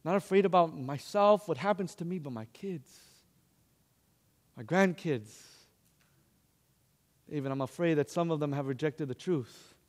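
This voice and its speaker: A man voicing his frail, devout elderly grandmother, soft and pleading, in a sermon. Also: fairly high pitch, measured pace, pauses often, long reverb tail, lightly acted.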